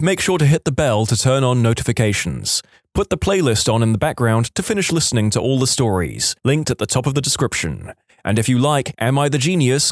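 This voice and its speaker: A man's voice: mid-range voice, dry recording, studio quality. A man narrating reader-submitted stories as the show's host, in a scripted storytelling read.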